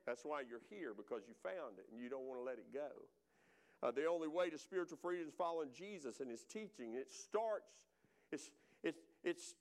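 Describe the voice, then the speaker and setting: A man preaching a sermon, talking conversationally to the congregation and repeating phrases for emphasis. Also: fairly high pitch. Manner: addresses congregation and online viewers directly. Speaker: pastor.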